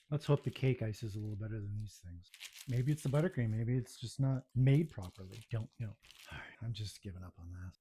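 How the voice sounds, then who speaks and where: A man's voice: on the low side, moderate pace, dark tone, slight background noise. A man narrating his own home baking video, muttering to himself with self-deprecating exasperation as things go wrong in his kitchen.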